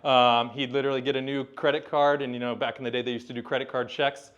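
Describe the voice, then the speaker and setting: A man presenting to a room of bartenders, talking in a loose, rambling storytelling manner. He leans on fillers and restarts as he tells a story, in an easygoing seminar style. His voice sits at an ordinary pitch for a man. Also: little pitch movement, fast talker, fairly bright tone, highs cut off. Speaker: brand representative. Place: bar or event space.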